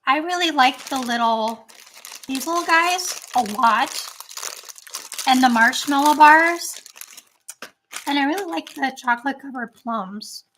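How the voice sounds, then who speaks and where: A woman's voice: sits high, measured pace, long pauses, a bit bright, a little hiss or hum. A woman hosting a casual snack-tasting chat at home, rambling with lots of fillers, her voice strained and not at its best. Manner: chatty, rambling with many fillers. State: voice strained, not great right now. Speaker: channel host.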